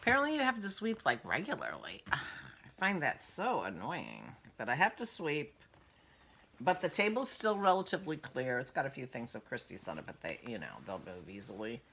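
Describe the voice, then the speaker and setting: A woman's voice: a bass voice, wildly swooping pitch, moderate pace, fairly bright tone, breathy edge. An older woman hosting a casual vlog, chatting in a rambling way as she thinks aloud. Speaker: podcast host.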